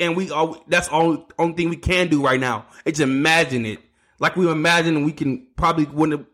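A man with a somewhat high voice hosts a solo sports podcast. He rants with heat, swears freely and trips over his words as he gets worked up. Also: a bit bright. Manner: heated, ranting, swearing, stumbling over words. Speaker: podcast host.

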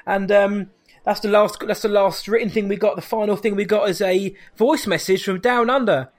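High-voiced upbeat podcast host. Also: male voice, fairly even intonation, moderate pace. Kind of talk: casual podcast chat.

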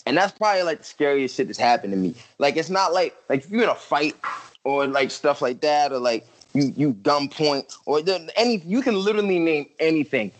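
A man's voice: on the high side, expressive, fairly quick, poor audio. A young man on a podcast telling a story in casual, profane slang and acting out his own quotes.

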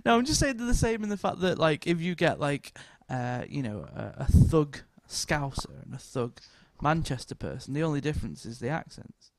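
A man's voice: fairly high pitch, expressive, moderate pace, creaky, hardly any pauses, no echo, studio quality. A man with a giggly, rambling storytelling manner, chatting casually as a podcast co-host. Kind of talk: casual chat.

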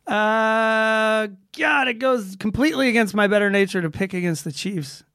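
High-voiced man, hesitant sports chat. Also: normal speed, fairly bright tone, no room sound, studio quality. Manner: hesitant, indecisive, wry. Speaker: podcast co-host.

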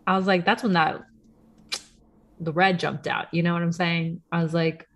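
A young woman co-hosts a chatty podcast, sarcastic and quick to laugh, swearing offhandedly. Her voice sits a bit low and carries a steady gravelly fry. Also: a little hiss or hum. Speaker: podcast co-host. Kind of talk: casual chat.

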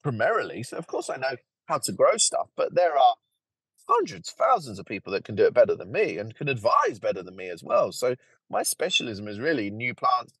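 A man talking as a podcast guest, with a husky, slightly breathy voice that swoops up and down a lot. His delivery is lively and chatty. The recording is dry and close, with no room sound. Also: mid-range voice, brisk, dry recording. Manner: lively, chatty, laughs easily. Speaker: podcast guest, plant marketer and author. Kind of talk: casual conversation.

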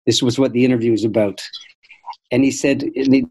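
Older guy being interviewed, mellow warm tone, thoughtful slow storytelling, lots of restarts. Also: medium pitch, steady tone, a little hiss or hum, rough recording. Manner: thoughtful, measured, frequent restarts. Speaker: interview guest. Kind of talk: reflective storytelling conversation.

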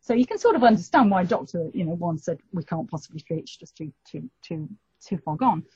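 Husky woman, mellow dark voice, animated storytelling, dull lo-fi recording. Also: fairly low pitch, brisk, no echo. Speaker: guest telling her story. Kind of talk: personal storytelling in an interview.

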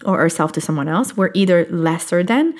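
A woman giving a self-help talk to her viewers, gentle and encouraging, who laughs often and slows down on key points. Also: lowish voice, lively intonation.

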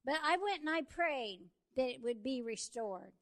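A woman preaching a sermon, telling a story and building to fervent shouts. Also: high-pitched, lively intonation, normal speed.

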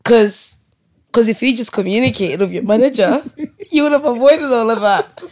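High-voiced woman teasing her friend. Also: normal speed, a little mellow. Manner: teasing, reactive. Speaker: guest, friend of host. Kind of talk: casual chat.

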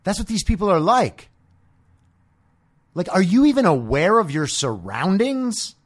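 A man's voice: high voice, sing-song, unhurried. A man hosting a podcast, delivering a combative, sarcastic political monologue peppered with profanity. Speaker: podcast host.

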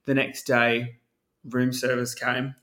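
A young man tells a rambling story in casual chat, full of fillers and swearing. His voice is bright and forward. The room around him sounds echoey. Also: mid-range voice, slow. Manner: animated, swearing, frequent "like" fillers.

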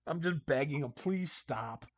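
A man's voice: on the high side, a little slow, slightly rough, dry recording. A man, a hockey coach guest, telling casual anecdotes and acting out what people said. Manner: animated storyteller, acts out quotes. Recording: dull, dry lo-fi sound.

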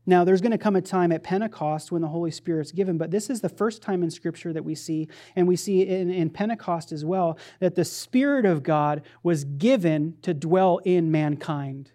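A woman preacher giving a sermon in a conversational, playful, animated storytelling manner. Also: on the low side, normal speed, hardly any pauses.

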